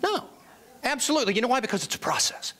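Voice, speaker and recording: A man's voice: very high voice, quick pace. A man giving a humorous motivational keynote, telling comic stories to an audience. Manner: animated comic storyteller. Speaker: motivational speaker.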